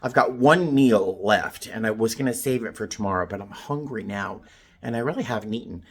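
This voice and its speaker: A man in his fifties, a flight attendant, vlogging casually from a hotel room and telling a story in a chatty, animated way. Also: fairly low pitch, brisk, breathy edge. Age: 50s. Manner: chatty storyteller, animated, quotes people in voices. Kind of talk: casual vlog chat.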